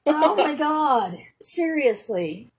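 A woman's voice: high voice, lively intonation, slow pace. A woman co-hosting a podcast in casual chat, swearing freely and trailing off while she hunts for words. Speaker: podcast co-host.

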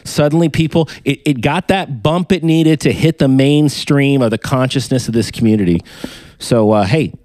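A man hosting a podcast, chatting casually and joking as he reads through sponsor shout-outs. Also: medium pitch, moderate pace, no echo. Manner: rambling, joking, hypes sponsors. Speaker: podcast host.

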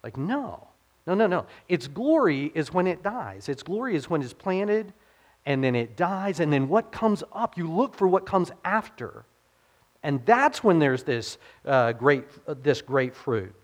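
Slightly high-voiced man preaching casually. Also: very animated, a little slow. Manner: informal, with rhetorical questions to the congregation; drops his voice to quote scripture. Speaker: pastor. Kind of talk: conversational sermon.

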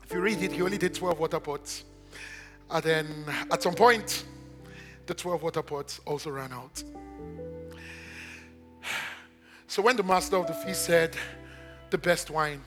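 A man preaching a sermon as pastor, in a sing-song cadence that repeats phrases and builds to shouts. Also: a little high, unhurried, pauses often, music in the background.

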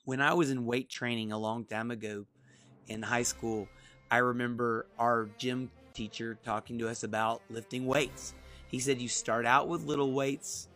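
A man preaching a sermon, reading scripture in a measured, soft way. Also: medium pitch, fairly even intonation, faint music behind.

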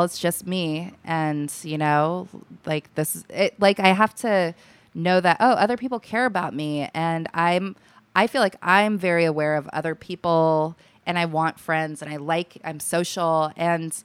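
A woman's voice: lowish voice, moderate pace, smooth, dry recording. A young woman from Alaska, a podcast guest chatting casually, laughing often and restarting her sentences. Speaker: podcast guest, comedy writer. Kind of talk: casual chat.

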